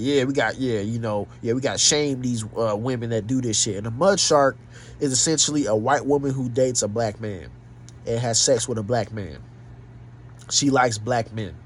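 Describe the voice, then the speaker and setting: A man rants to his audience in a blunt, profane, emphatic way. His voice sits at an ordinary middle pitch, and he sounds a little stuffed up. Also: husky. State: slightly stuffed up. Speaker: vlogger. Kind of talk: casual rant to camera.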